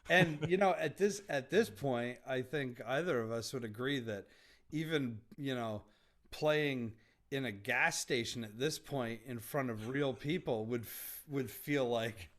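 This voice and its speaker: A man's voice: medium pitch, measured pace, fairly bright tone. A man hosting a casual chat, agreeable and prompting his guest with short replies. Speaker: show host.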